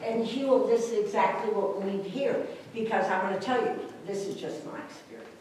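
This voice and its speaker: A woman's voice: mid-range voice, a little fast. Emphatic older woman in an echoey hall. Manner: animated, emphatic, acts out quoted neighbors. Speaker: resident speaking at public comment. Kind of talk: impassioned public comment. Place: council meeting room, heard from far off. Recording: echoey room, distant mic, faint hum.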